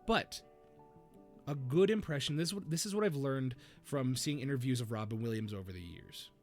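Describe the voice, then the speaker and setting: A man hosting a casual chat about voice acting, animated, dropping into character voices and laughing often. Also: mid-range voice, moderate pace, faint music behind. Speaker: podcast host.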